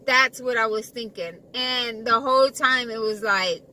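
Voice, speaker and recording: A woman's voice: fairly high pitch, measured pace, hardly any pauses. A woman telling a rambling storytime, full of likes and repeats. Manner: rambling, repeats herself, many likes and fillers. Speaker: vlogger. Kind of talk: casual storytime chat. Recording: distant mic, loud traffic noise.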